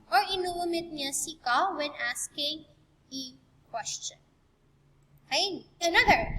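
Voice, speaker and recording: A woman's voice: sits high, bright, forceful tone, long reverb tail. A woman with a Filipino accent teaching a language lesson, explaining step by step and often checking in with "okay?". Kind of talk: lesson mixing English and Filipino.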